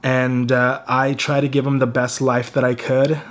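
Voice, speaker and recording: A young man talking straight to camera for his personal vlog, grieving and close to tears, speaking haltingly with a stutter and repeated words. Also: medium pitch, flat delivery. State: fighting back tears. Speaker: vlogger.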